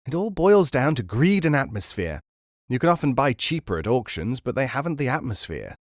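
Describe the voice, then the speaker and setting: Male audiobook narrator, mid pitch, measured, dry studio sound. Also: big pitch swings, no echo. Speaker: podcast narrator. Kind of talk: scripted narration of a book.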